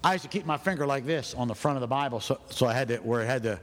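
A man preaching a sermon in a folksy storytelling manner that builds to shouting. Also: mid-range voice, racing, long reverb tail, slight background noise. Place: church.

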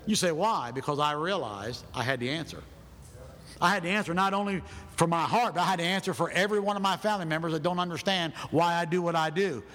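A man's voice: on the high side, fast talker. Folksy preacher man in a reverberant hall. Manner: folksy, builds to shouting. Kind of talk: sermon storytelling. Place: church.

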